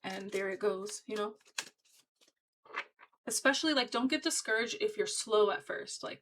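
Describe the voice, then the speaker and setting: A woman's voice: a little high, moderate pace, pauses often, slight background noise, poor audio. A woman giving a casual tarot reading to her viewers, talking in a chatty, emphatic and encouraging way. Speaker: tarot reader.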